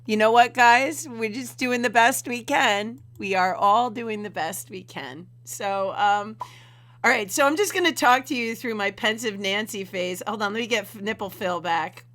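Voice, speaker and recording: Casting: bright, slightly high woman, chatty livestream host, loose and giggly. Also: moderate pace. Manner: chatty, giggly, fumbling with tech. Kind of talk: casual livestream chat.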